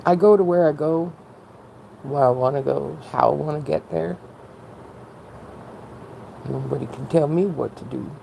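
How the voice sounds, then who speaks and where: A woman's voice: low voice, measured pace, creaky, pauses often, dark tone, a little hiss or hum, poor audio. A woman talking candidly in a casual, rambling personal monologue, often breaking into laughs. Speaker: vlogger.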